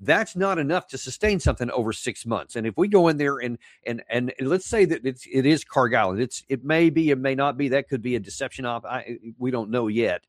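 A man hosting an interview, halting and restarting as he thinks aloud. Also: mid-range voice, no echo. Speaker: host.

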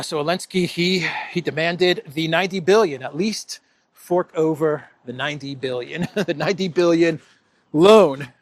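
A man giving casual solo political commentary, sarcastic, laughing often and repeating phrases. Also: fairly high pitch.

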